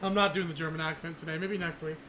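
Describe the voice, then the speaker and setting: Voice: medium pitch, fairly even intonation, fast, a loud crowd. A laughing, swearing game master. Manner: laughing, swearing, loose banter. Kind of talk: casual tabletop game narration.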